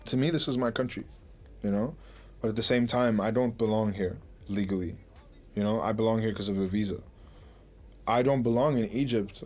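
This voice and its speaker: A man's voice: fairly low pitch, a little mellow. A young man from the United Arab Emirates, a rapper speaking candidly and bluntly in a documentary interview, often adding "you know".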